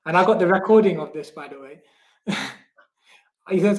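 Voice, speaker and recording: A British-accented monk and book distributor tells stories as a guest in a casual interview, animated and full of fillers and laughs. His voice is high, at normal speed, recorded in an echoey room.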